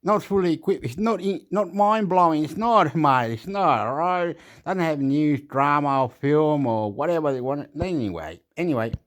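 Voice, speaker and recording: A man in a rambling rant, his voice sitting a little high and leaping about wildly. He drops into low mutters, then bursts into loud, swearing outbursts. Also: animated, normal speed, hardly any pauses. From Australia. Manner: swings between muttering and shouting, swears a lot. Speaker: vlogger reacting to clips.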